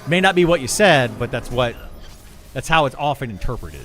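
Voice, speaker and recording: A man talks casually to his stream chat, circling back and repeating words as he works through a point. His pitch sits in an ordinary middle range for a man. Faint music plays quietly behind him. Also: big pitch swings, moderate pace. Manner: rambling, repeats words and restarts while explaining.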